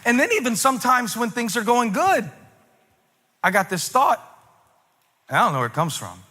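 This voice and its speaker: A middle-aged male pastor preaching a sermon, moving from casual talk into shouted, sing-song emphasis. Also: very high voice, big pitch swings, moderate pace, big-room sound.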